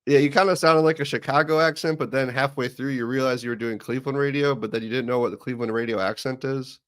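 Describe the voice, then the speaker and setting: A man's voice: mid-range voice, fairly even intonation, fast talker, smooth. A man in casual sports chat, playful, spinning long joking hypotheticals. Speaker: sports podcaster.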